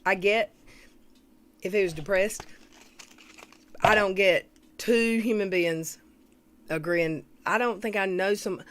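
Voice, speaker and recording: A woman hosting a casual livestream, rambling through commentary and greeting viewers from the chat, with frequent throat clearing. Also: medium pitch, slow, pauses often, fairly bright tone. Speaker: livestream host.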